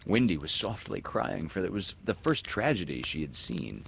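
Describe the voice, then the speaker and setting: A man narrating a classic children's story aloud with an expressive, dramatic delivery. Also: low-pitched, moderate pace, creaky, slight background noise.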